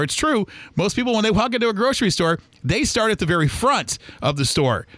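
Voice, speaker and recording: A chatty man talks on his solo podcast, wandering from story to story and slipping into other people's voices. His voice sits fairly high for a man. The recording is dry and close, with no room sound. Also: big pitch swings, fast talker, a bit bright, no echo. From Michigan, US. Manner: chatty and rambling, acts out shoppers' voices. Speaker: podcast host. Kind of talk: casual solo podcast monologue.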